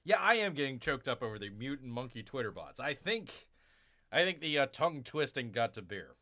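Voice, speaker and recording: A man's voice: medium pitch, very animated, a little fast, bright, forceful tone. A man hosting a live stream, reading news aloud and breaking off into sarcastic, mocking asides, rambling with many fillers. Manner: rambling with frequent fillers and restarts.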